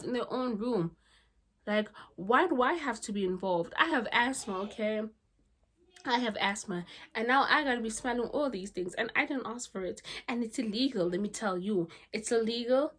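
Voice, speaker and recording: A woman book vlogger talking casually to her camera at home, chatty and animated, with asides and rants. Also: on the high side, moderate pace. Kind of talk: casual chat.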